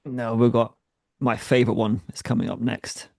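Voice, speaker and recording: Friendly English musician with Norfolk accent. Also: male voice, medium pitch, steady tone, normal speed, vocal fry, darkish tone, no echo, clean studio sound. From England. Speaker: rock band musician, guest. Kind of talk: casual interview chat.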